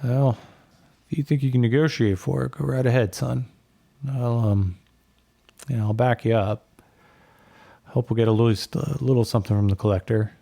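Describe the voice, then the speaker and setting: A gruff, fatherly old general, voiced by a man, speaks low and mellow with a gravelly edge. He talks calmly and folksily, like a veteran leader in a tabletop role-play. The sound is dry and close. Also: moderate pace, long pauses, dry recording. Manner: calm, folksy, calls others son. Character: gruff aging male army general, fatherly.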